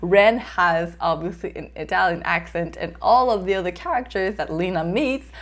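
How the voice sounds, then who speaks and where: A woman's voice: lowish voice, normal speed. Chatty woman reviewing a book. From North America. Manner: chatty and hesitant, with frequent small laughs. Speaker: book reviewer, channel host. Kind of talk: casual book review vlog.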